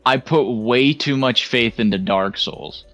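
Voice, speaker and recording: A young man in casual chat with friends, telling a story in an animated, dramatic way. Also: medium pitch, measured pace, soft background music.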